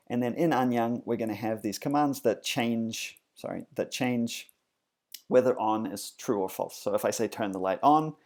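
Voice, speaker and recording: A man's voice: lowish voice, vocal fry, a little mellow. A man teaching a coding lesson in a casual, explanatory way, with frequent fillers and self-corrections. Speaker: instructor. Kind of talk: screencast coding tutorial.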